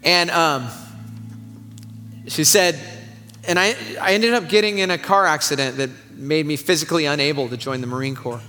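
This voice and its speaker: A man preaching a sermon, telling a story in an animated, conversational way with frequent stammering restarts. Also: fairly high pitch, normal speed. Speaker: pastor. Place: church sanctuary. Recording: long hall reverb, faint music.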